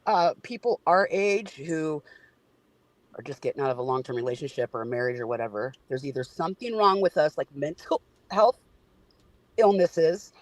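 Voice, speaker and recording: A man's voice: a little high, expressive, normal speed, dry recording, poor audio. A man calling in to a livestream, explaining his point in a chatty, casual way. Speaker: caller. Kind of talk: casual call-in chat.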